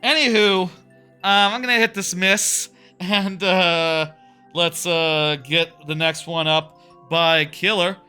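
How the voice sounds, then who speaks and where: Male streamer, thirties, rambling casual game-stream chatter, bright sharp voice, music faintly behind. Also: high voice, steady tone, slow pace, clean tone. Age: 30s. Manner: rambling, many fillers and restarts. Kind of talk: casual live-stream chat while playing.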